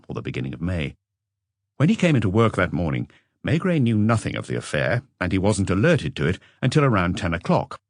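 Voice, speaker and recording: A man reading a detective novel aloud as an audiobook narrator, in a calm, measured way. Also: low-pitched, dry recording, studio quality. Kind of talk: scripted narration.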